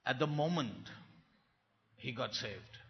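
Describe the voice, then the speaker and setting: Slow gravelly preacher in a large hall. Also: male voice, mid-range voice, lively intonation. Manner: dramatic swings between soft and loud delivery. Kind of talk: sermon. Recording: dull, echoey hall sound.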